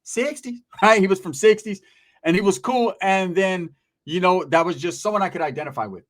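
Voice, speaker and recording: Animated, profane male storyteller. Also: high-pitched, brisk. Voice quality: scraggly-bearded street talker, slangy. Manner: animated, profane, acts out voices in his stories. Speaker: podcast host.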